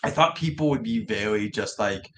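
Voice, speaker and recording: A young man whose R's come out soft, like W's, chatting casually on a livestream vlog with frequent restarts. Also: fairly low pitch, animated, moderate pace. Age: young adult. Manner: rambling, self-correcting talk with frequent restarts. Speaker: livestream vlogger.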